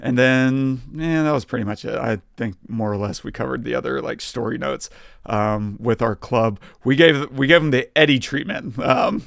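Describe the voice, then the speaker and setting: A man with a gravelly, fry-laced voice chats easily about films on a podcast. His mid-pitched delivery is loose and relaxed, and the close mic sounds dry with no room around it. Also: moderate pace, dry recording. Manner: relaxed, lots of fillers and laughs. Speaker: podcast co-host. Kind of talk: casual chat.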